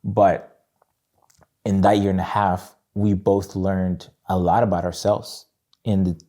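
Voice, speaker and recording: A man's voice: low voice, little pitch movement, slow pace, mellow. A young adult man chatting as a podcast guest in a laid-back way, saying "bro" and "man" often. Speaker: guest musician. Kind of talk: casual chat.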